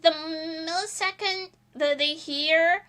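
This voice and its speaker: A woman's voice: very high voice, steady tone, takes it slowly, bright, forceful tone. A woman streamer chatting casually while she draws, rambling and laughing often between thoughts.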